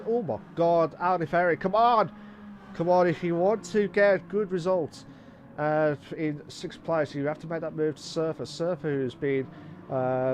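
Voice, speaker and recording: A man commenting live on a sim race, excitable and repeating phrases, breaking into shouts. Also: fairly high pitch, noisy background.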